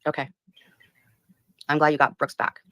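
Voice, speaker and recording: A woman's voice: deep voice, monotone, moderate pace, sharp tone, no room sound. A woman livestreamer speaking defensively and close to tears. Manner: defensive, tearful. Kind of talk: live stream replayed.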